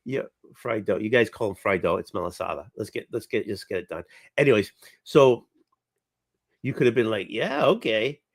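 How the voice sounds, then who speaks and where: A man's voice: fairly low pitch, brisk, no room sound. A man hosting a live stream chat, teasing and encouraging his guest, often restarting his sentences. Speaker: show host.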